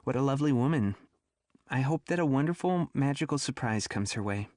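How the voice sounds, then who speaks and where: A man reading an audiobook and voicing a young woman with a soft, light Southern accent. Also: mid-range voice, animated, fairly quick, no echo, studio quality, pitched above the performer's own voice, lightly acted. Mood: warm, teasing.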